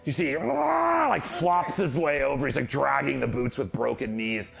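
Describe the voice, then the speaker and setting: A man narrating a tabletop game as dungeon master, telling the action in an animated, playful way with laughing asides. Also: mid-range voice, normal speed, creaky.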